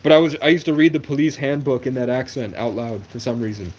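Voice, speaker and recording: Rambling young man in a monotone. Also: medium pitch, fast, slight background noise. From New England, USA. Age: 20s. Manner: rambling, conspiratorial, jumps between topics. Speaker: livestreamer. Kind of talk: rambling livestream monologue.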